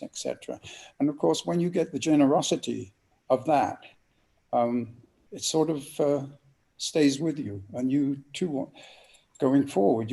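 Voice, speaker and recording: Older man, lively anecdote teller, acts out voices, dark warm tone. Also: medium pitch, gravelly. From England. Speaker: actor and audiobook narrator. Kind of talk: storytelling interview guest.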